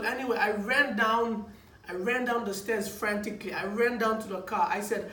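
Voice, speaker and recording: A man, a preacher, giving a personal testimony in a lively storytelling manner, stumbling over restarts and repeating words as he goes. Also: high-pitched, moderate pace. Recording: echoey room, distant mic, faint noise.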